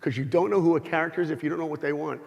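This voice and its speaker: A man's voice: on the high side, racing, gravelly. A middle-aged man giving a humorous, storytelling talk to a live audience, acting out bits of dialogue as he goes. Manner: animated, humorous, acts out dialogue. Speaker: speaker giving an inspirational talk. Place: large hall with an audience. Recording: long hall reverb.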